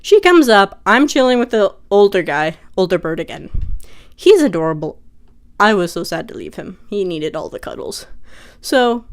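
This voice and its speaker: A young woman casually retelling a story for her vlog, chatty and animated, full of "like". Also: mid-range voice, normal speed, clear, resonant tone. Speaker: vlogger.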